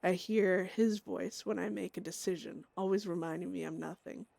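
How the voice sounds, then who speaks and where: A haunted young outlaw woman, voiced by a woman, murmurs her journal in a brooding inner monologue. The voice sits low and the sound is dry and close, and she sinks into whispers. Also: steady tone, normal speed, creaky, a little mellow, dry recording. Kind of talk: reading a character's journal aloud.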